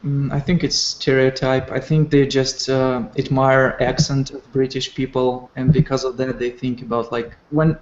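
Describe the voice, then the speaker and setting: A man's voice: mid-range voice, level tone, moderate pace, hardly any pauses, darkish tone, reverberant. A man student in an online English class, giving his opinions in a plain, slightly hesitant way. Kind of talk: class discussion. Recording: dull lo-fi call audio.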